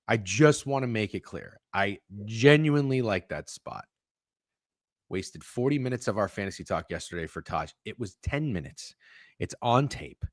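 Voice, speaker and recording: A man's voice: on the low side, lively intonation, normal speed, no room sound, studio quality. A man hosting a sports betting podcast, talking in casual, profane, defensive banter. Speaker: podcast host.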